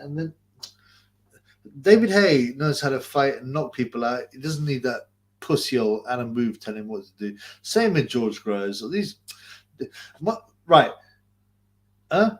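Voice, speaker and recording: Speaking in an unhurried, sing-song mid-range voice with frequent pauses, a man hosts a casual livestream and reads out viewer comments. His talk is crude and rambling, with plenty of laughter and repetition.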